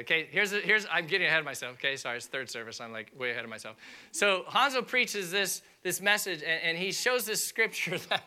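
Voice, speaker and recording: A man preaching a sermon to a church congregation, telling a funny personal story with lively asides and impressions. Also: a little high. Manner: animated storytelling with comic impressions and audience asides. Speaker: pastor. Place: church auditorium.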